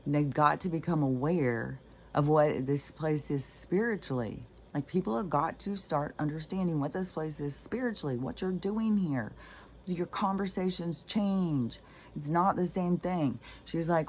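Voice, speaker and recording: A woman's voice: deep voice, unhurried, darkish tone, a little hiss or hum. A middle-aged woman talking casually and bluntly, rambling with lots of fillers and swearing. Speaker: spiritual vlogger.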